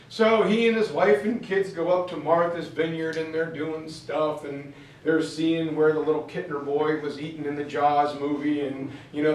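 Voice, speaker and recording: A man teaching a history class, telling the story in a casual, chatty, animated way. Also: fairly high pitch, a little hiss or hum. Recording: very echoey room, far from mic.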